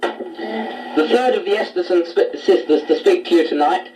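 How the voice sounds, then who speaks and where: A man introducing relatives one by one on a casual taped letter, chatty with many pauses. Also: high-pitched, noisy background. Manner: chatty, filler-heavy, gently formal. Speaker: family member presenting a taped letter. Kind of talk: casual spoken letter on tape. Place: a family home. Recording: distant home tape recording.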